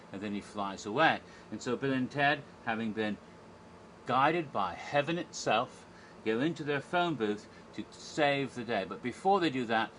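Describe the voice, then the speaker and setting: A man's voice: mid-range voice, a bit bright, slight background noise. A man casually retelling a live show from memory, rambling and enthusiastic, with frequent fillers and restarts. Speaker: theme park event historian. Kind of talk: casual narrated recap.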